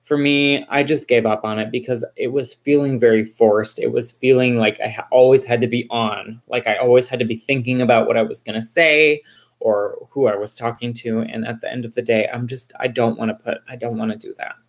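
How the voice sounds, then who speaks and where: A woman in her forties from Texas hosts a relaxed livestream, talking straight to her viewers. She reads their comments aloud and answers with warm reassurance. Her speech is loose and rambling, with plenty of fillers and restarts. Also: very deep voice, fairly quick. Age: 40s. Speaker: livestream host.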